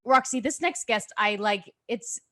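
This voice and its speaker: A woman's voice: fairly high pitch, animated, unhurried, fairly bright tone. A woman hosting a podcast, chatting in a bubbly, rambling way with lots of fillers. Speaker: podcast host. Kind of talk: casual podcast chat.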